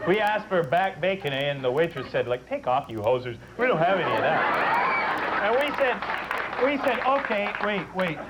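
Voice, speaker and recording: A slow-witted Canadian hoser with a Canadian accent, who rambles and trips over his words. His voice sits a little high. It sounds like a worn broadcast tape, with a heavy audience roar and loud hiss. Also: big pitch swings, over a noisy crowd. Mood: dopey. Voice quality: halting, rambling, says "like" a lot. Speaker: sketch comedian. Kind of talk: in-character comedy bit.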